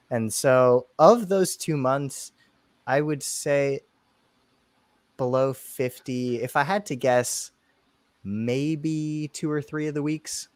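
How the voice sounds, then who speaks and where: Recorded dry, a man with a mid-range voice co-hosts a podcast in a casual chatting style. He wanders off into rambling asides and laughs frequently.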